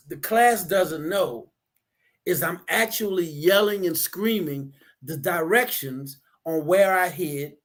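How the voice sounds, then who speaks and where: A man in casual talk, animated, acting out the people he quotes as he tells stories. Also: on the high side. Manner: animated storyteller, acts out quotes.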